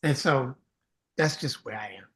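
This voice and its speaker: A man, a songwriter and producer, telling an earnest story in a casual interview, getting animated when he acts out greetings. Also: mid-range voice, measured pace.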